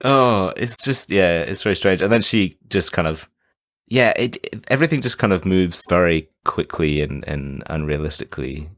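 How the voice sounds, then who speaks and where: A man's voice: sits low, expressive, normal speed, a bit bright, no echo, clean studio sound. A man co-hosting a film podcast, chatting casually and rambling with lots of "kind of" and "like". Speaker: podcast co-host. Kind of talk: casual film review chat.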